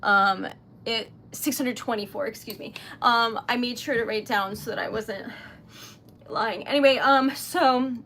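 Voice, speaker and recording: A young woman from Rhode Island, US, who runs a small business livestreams while crafting, with slight background noise. Her voice is a little high, bright and forceful, with a steady tone and measured pace, and her casual chat is emotional and giggly, full of fillers.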